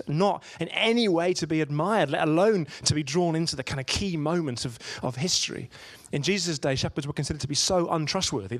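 Man preaching with a conversational ease. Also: on the high side. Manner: conversational storytelling with rhetorical questions. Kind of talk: sermon.

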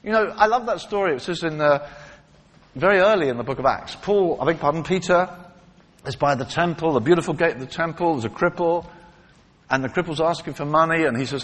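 A man's voice: on the high side, a little fast. A man preaching a sermon, telling stories with emphatic repetition and acting out the quoted lines. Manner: animated storytelling, acts out quotes, emphatic repetition. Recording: long reverb of a large hall.

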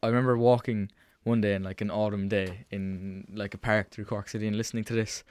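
A man's voice: on the low side, little pitch movement, brisk, a little mellow, clean tone, dry recording. A young man hosting a student radio show, chatting casually and rambling with lots of "like" fillers. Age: young adult. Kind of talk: casual chat on air.

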